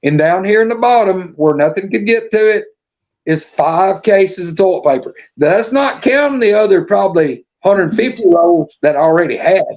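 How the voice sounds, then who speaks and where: A man spins a long yarn on a podcast in a fairly high voice. He is folksy and profane and acts out every line of dialogue. The audio is dull and lo-fi. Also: lively intonation, moderate pace, a little mellow. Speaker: podcast storyteller. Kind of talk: casual storytelling.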